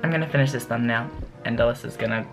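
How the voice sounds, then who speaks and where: A man's voice: mid-range voice, quick pace, vocal fry, over music. A young man chatting casually to camera as a vlogger, giggly and full of "like" fillers. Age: young adult. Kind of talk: casual vlog chat.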